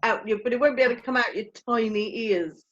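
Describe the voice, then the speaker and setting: A woman's voice: fairly high pitch, fast. A woman co-hosting a vocal group's update, chatting and teasing her partner over a video call. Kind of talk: casual chat on a video call. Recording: dull lo-fi video call audio.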